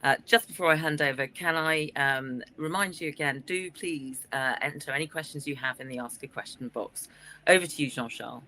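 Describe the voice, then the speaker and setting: Bright-voiced conference chair. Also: medium pitch, brisk. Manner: polite, with frequent hesitations. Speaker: conference chair introducing speakers. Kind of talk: formal introduction.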